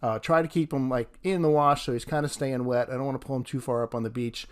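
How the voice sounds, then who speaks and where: A man's voice: mid-range voice, steady tone, fast, clean tone. A man narrating his fishing vlog outdoors on a beach, chatty and laughing often as he talks to viewers. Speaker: fishing vlogger.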